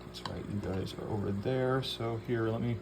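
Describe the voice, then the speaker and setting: A man's voice: mid-range voice, fairly even intonation, moderate pace, gravelly, background noise. A man casually vlogging at home by his aquariums, rambling, swearing offhandedly and talking to his fish. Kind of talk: casual vlog chat.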